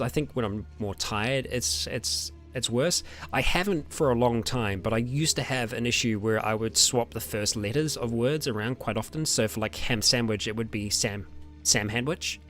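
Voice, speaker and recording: A young man with an Australian or New Zealand accent, hosting a casual question-and-answer chat with his viewers, relaxed and rambling with lots of ums and small laughs. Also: mid-range voice. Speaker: roleplay channel host answering viewer questions.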